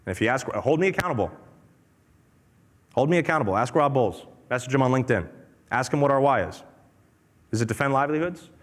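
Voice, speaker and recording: Energetic man giving a talk in a reverberant hall. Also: medium pitch, quick pace, long pauses. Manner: energetic, repetitive, conversational. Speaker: company presenter. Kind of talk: conference talk.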